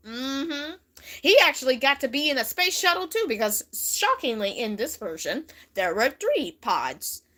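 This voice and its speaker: A woman's voice: a little high, lively intonation, a little slow, sharp tone. A young woman telling a rambling, giggly made-up story on a livestream. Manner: giggly, rambling, breaks into voices and song.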